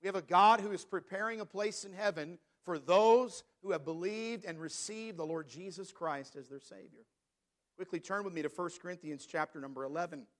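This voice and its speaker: A man preaching a sermon as pastor, reading scripture slowly and stressing key words. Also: high-pitched. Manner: preaching, reads scripture in King James wording, slows for emphasis.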